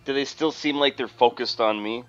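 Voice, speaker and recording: A man playing a tabletop game, animated and quick to point out the rules. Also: medium pitch, dull audio, soft background music. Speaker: player. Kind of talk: casual chat at a tabletop game.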